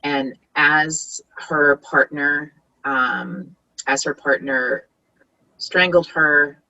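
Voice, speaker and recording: A woman giving an online workshop talk as a community organizer, earnest and halting, with frequent pauses and restarts. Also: low voice, fairly even intonation, vocal fry, pushed and bright, highs cut off. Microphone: video call.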